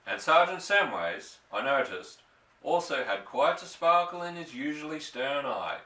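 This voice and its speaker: A man narrating a children's story in an expressive, measured reading. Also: a little high. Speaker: audiobook narrator. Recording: roomy, from a distance.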